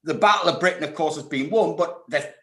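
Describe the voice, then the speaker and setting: A man on a video-call panel, presenting a film in a measured way. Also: a little high, a bit bright. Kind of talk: casual live panel chat. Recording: roomy echo.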